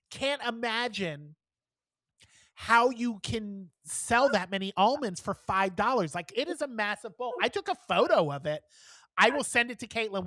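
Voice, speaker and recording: A woman co-hosting a podcast, telling a story in a casual, animated way, swearing freely and acting out the people she quotes. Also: mid-range voice, no room sound. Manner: animated, profane, acts out quoted dialogue. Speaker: podcast co-host.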